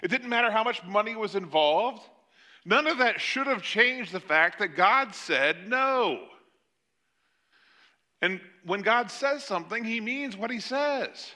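A man's voice: sits high, expressive, a little slow, sharp tone. An older man preaching a sermon, retelling a scripture story in a conversational way with joking asides. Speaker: pastor.

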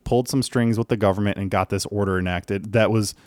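A man's voice: on the low side, fairly even intonation, fast talker, darkish tone, no echo. A man co-hosting a podcast, talking in a loose, rambling way full of fillers and casual swearing. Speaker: podcast co-host. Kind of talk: casual chat.

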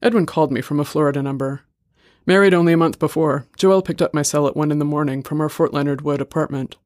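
A man reading a short story aloud in a steady, measured way. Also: a little high, no room sound, clean studio sound. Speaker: story reader. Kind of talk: scripted narration.

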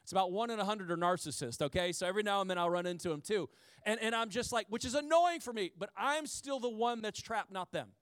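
A pastor preaching in a chatty, animated way, with frequent asides to the people listening. His voice sits high for a man. He repeats key lines for weight, and the sound is dry, with no room echo. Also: fast talker, smooth. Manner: repeats key phrases for emphasis. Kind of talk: sermon.

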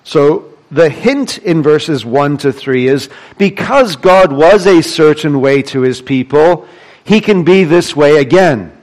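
A man's voice: on the high side, expressive, takes it slowly, rough recording. A man preaching a sermon as pastor, explaining a psalm with rhetorical questions and emphatic repetition.

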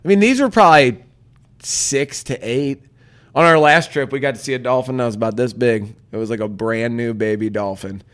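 A man's voice: mid-range voice, normal speed. A man hosting a casual podcast, telling a story with lots of swearing and acted-out quotes. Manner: profane, animated storyteller acting out quotes. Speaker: podcast host.

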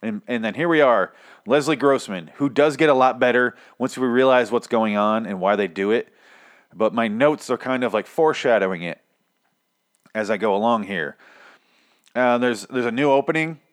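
A man's voice: medium pitch, normal speed. A young man casually recapping a TV episode, rambling, swearing often and stumbling over his words while poking fun at himself. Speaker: TV recap podcaster.

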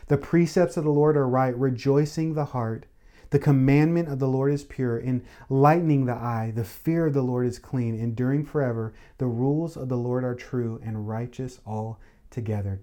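A man preaching a sermon, earnest and steady, asking the listeners questions and rising to emphatic bursts. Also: mid-range voice. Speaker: pastor.

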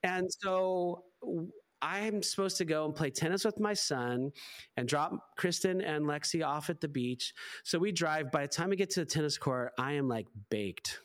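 A middle-aged man, a pastor, telling stories as a podcast guest in an animated, chatty way full of casual fillers. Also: a little high, moderate pace. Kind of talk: casual storytelling.

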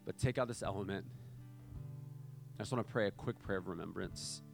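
A man with a fairly low voice delivers an impassioned sermon to his congregation. He piles up repeated phrases and leans in hard, then sinks to a hushed, earnest prayer as soft guitar plays behind him. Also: a little fast, creaky. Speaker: pastor. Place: church sanctuary.

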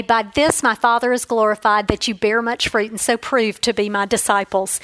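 Woman Bible teacher, high voice, earnest storytelling, dry sound. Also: fairly bright tone, dry recording, poor audio. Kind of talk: devotional teaching talk.

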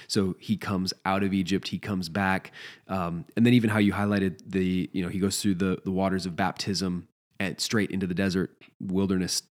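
A man with a very deep voice talks over Bible passages in a casual, reflective way. He backs up and restarts often as he works through his thoughts. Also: level tone, moderate pace. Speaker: co-host in a pastoral discussion. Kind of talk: casual theological discussion.

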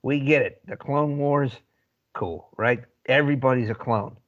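A middle-aged man with a light New England accent spins wry, opinionated remarks at an even, mid pitch. His voice comes through a dull, lo-fi line with the top end cut off. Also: a little slow. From northeastern US. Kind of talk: casual chat.

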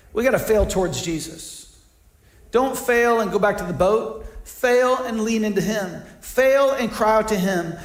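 A man preaching a sermon as pastor, shifting between hushed appeals and lively, acted-out voices. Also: reverberant. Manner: dynamic preaching, acts out voices with big pitch swings.

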